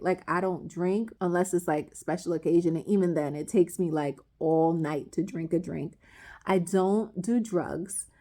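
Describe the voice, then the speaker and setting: Animated woman telling a storytime. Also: mid-range voice. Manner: animated, dramatic retelling with many "like"s. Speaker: vlogger. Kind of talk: casual storytime.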